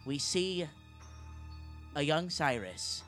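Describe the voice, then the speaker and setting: A man narrating a tabletop game as game master, describing the scene slowly, with some restarts. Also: a little high, big pitch swings, fairly bright tone, faint music behind.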